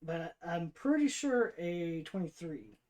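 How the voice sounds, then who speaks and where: A woman playing a tabletop game, calling out her attacks and rolls in a matter-of-fact, soft-spoken way. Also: fairly low pitch, expressive, slow. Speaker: player. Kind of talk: casual tabletop game chat.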